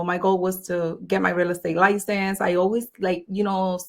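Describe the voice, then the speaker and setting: Woman, podcast guest, casual interview, chatty, lots of fillers, medium pitch. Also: fairly bright tone. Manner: chatty, many "you know" and "like". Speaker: guest entrepreneur.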